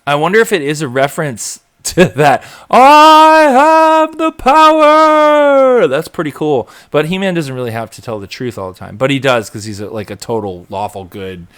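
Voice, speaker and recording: A man's voice: mid-range voice, brisk, hardly any pauses. A man hosting a live show, chatting casually and animatedly, acting out bits as he rambles. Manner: rambling, animated, acts out quotes. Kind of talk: casual live recap chat.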